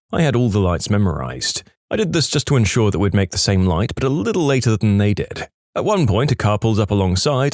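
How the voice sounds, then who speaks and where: A man narrating online stories in a wry, animated, scripted way. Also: lowish voice, dry recording, studio quality. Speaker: story narrator.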